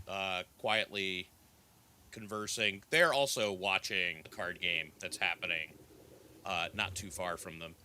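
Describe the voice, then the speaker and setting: A man narrates a tabletop game as its game master. His voice is bright and forward, and he describes the scene in an easygoing way with small fillers. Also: mid-range voice.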